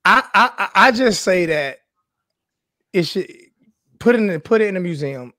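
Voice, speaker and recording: A man from South Carolina, co-hosting a casual chat and telling animated stories with plenty of swearing. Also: high voice, moderate pace, no echo, clean studio sound. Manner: animated storyteller, swears freely. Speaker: podcast host.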